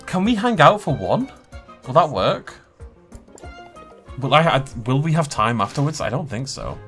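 A man hosting a let's play, giving excitable gaming commentary and laughing often. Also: fairly high pitch, normal speed. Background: faint game music.

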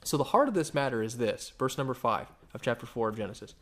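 A pastor preaching in a casual, conversational way, with wry asides and lively acted-out quotes. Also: male voice, fast talker. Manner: animated, acts out quotes with big pitch jumps. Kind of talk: conversational sermon.

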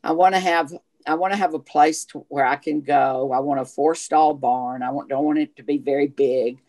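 A man with a strong Southern US accent and a voice he calls gay, talking as an actor guest in an interview. He tells his stories in a chatty, animated way, hopping from thought to thought. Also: fairly high pitch, moderate pace. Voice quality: self-described gay voice. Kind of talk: casual interview chat.

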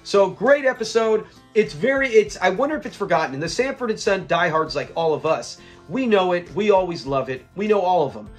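Animated man recapping a sitcom episode. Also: sits high, fairly quick, hardly any pauses, faint music behind. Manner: animated, chuckles while retelling scenes. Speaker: episode review host.

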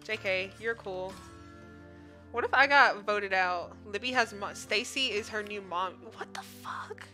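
A woman's voice: mid-range voice, unhurried, pushed and bright, soft background music. A woman streamer giving casual commentary on her gameplay, playful and full of slang, teasing other players and laughing often. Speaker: gaming streamer.

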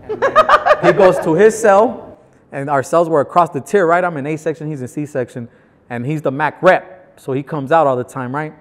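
A man's voice: on the high side, moderate pace. Slangy man telling stories in echo. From Los Angeles. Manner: animated, slangy, acts out other people's lines. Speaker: guest. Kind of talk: casual storytelling.

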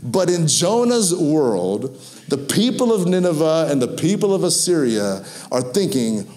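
A man preaching a sermon, telling stories with lively acted-out quotes. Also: a little high, measured pace. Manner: animated storytelling with acted-out quotes. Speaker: pastor.

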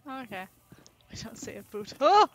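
A woman's voice: high-pitched, big pitch swings, moderate pace. A young woman streaming a game, chatting casually in a playful, teasing way and laughing often. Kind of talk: casual gaming chat.

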